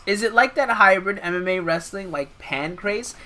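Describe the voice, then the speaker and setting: Bright, chatty woman streamer. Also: medium pitch, lively intonation, moderate pace. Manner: chatty, amused, thinking aloud. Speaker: game streamer. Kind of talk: casual gameplay commentary.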